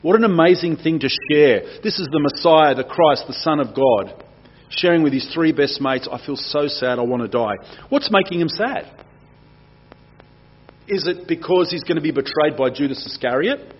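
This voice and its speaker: A man preaching, reading scripture aloud and acting out the quoted lines with big swings in pitch and loudness. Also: lively intonation, normal speed, breathy edge. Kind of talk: sermon with dramatic scripture reading. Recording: dull lo-fi sound.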